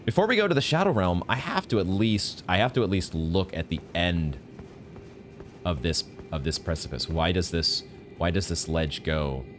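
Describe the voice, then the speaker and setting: Deep-voiced chatty male streamer. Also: lively intonation, moderate pace, background noise. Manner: chatty, musing aloud, playful. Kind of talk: live gameplay commentary. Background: game music.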